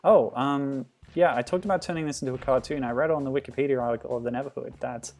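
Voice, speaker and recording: A man streaming a game, chatting in a relaxed, amused way and answering chat comments. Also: medium pitch, fast talker, soft background music. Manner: chatty, amused, laughs often, reacts to the game. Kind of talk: casual gameplay commentary.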